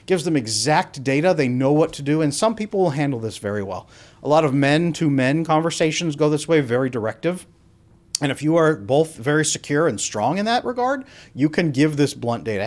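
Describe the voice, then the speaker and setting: A man's voice: on the high side, fairly quick. A man speaking as an attachment coach, teaching how to give feedback and acting out sample dialogues as he goes. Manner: animated, acts out sample dialogues. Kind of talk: instructional talk to camera.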